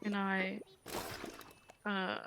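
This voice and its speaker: A woman's voice: medium pitch, completely flat delivery, extremely slow, heavy background noise. A young woman chatting casually while she plays a video game, ranting in an exasperated way and often cutting herself off. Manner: ranting, exasperated, self-interrupting. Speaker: gaming vlogger. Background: music under the talk.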